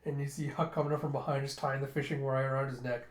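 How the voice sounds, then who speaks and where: A man's voice: medium pitch, level tone, quick pace. A man chattily retelling a comic book as a casual reviewer. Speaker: manga reviewer. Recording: echoey room.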